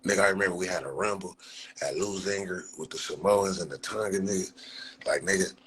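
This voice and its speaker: A man's voice: sits low, brisk, a bit bright, low-quality recording. A young man talking loosely on a phone livestream, full of street slang and profanity and breaking into laughter often. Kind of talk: casual livestream chat.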